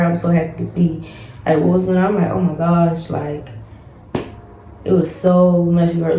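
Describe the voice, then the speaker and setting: A woman hosts her own podcast and talks through a personal story in casual chat. She rambles and circles back to the same phrases again and again. Her voice sits a little low with a soft, mellow tone, and it carries in an echoey room. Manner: rambling and repetitive, heavy use of "like". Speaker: podcast host. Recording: echoey room with faint music.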